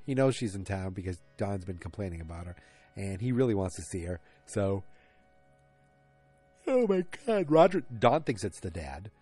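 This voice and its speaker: Chatty low-voiced man recapping a show. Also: darkish tone, husky. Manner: chatty, digressive, self-aware. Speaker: podcast host recapping a TV episode. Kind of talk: casual chat.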